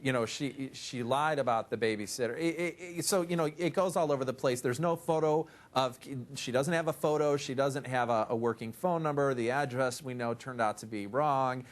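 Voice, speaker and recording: A man reporter talks through a case on a talk show at a medium pitch. His sentences ramble and restart, with quoted asides thrown in. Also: normal speed, few pauses.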